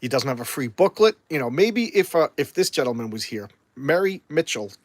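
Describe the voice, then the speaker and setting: A man's voice: mid-range voice, very animated, fairly quick, no echo. A man rambling through an opinionated casual review of an old comic book.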